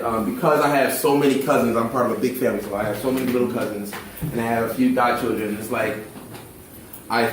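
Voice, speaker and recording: A man in his twenties from Philadelphia who works with charter school kids, talking casually in an animated, slangy way with acted quotes. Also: medium pitch, heavy reverb, recorded from a distance, slight background noise, rough recording. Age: 20s. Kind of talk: casual discussion.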